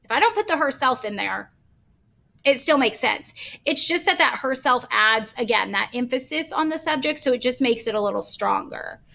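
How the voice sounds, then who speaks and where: A woman's voice: high-pitched, lively intonation, moderate pace, vocal fry, bright, forceful tone. A woman teacher recording a grammar lesson, patiently explaining with examples step by step.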